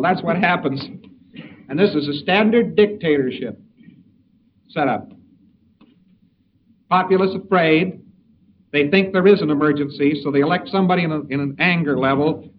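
A man giving an informal lecture in a wry, digressive way, acting out the quotes he gives. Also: a little high. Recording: dull distant recording with faint hiss.

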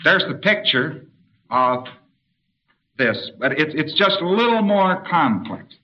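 A man's voice: fairly high pitch, sing-song, takes it slowly. Man lecturing on a dull lo-fi recording. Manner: explanatory, acts out short commands. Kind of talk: spoken lecture with diagrams.

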